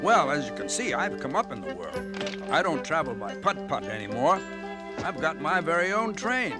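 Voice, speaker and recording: A friendly cartoon narrator tells the story with a lively, swooping melody. He sounds like a showman, and music plays underneath. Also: a little high, normal speed. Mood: cheerful. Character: genial male storyteller narrator of a cartoon special. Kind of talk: animated holiday special narration.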